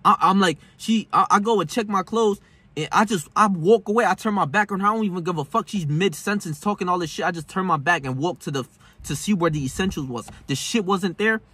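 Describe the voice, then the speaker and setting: A man's voice: high-pitched, brisk, bright, forceful tone, slightly rough. A young man vlogging a personal story in casual, profane street slang, shifting between heated and subdued. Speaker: self-help vlogger.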